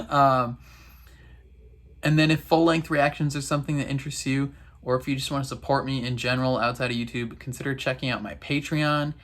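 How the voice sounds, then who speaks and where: A man's voice: mid-range voice, fairly bright tone. A young man hosting a reaction video, recapping an episode in a casual, rambling way full of "like" fillers.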